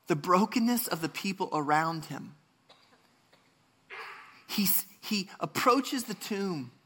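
A man's voice: sits high, bright, forceful tone, breathy edge. A man preaching a sermon, reading scripture and speaking earnestly, with frequent restarts and passionate rises. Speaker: pastor.

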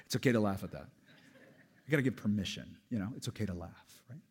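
A man preaching a sermon as pastor, animated and joking, with loud emphatic peaks. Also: fairly low pitch, a little fast, slightly rough. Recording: long hall reverb.

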